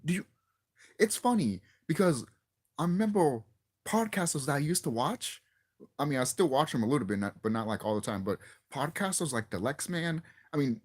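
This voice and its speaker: A young man vents in a loose, profane monologue aimed at his viewers. His pitch jumps around animatedly as he gets exasperated, and he keeps restarting and repeating his words. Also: breathy edge. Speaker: wrestling commentary vlogger. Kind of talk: ranting casual monologue.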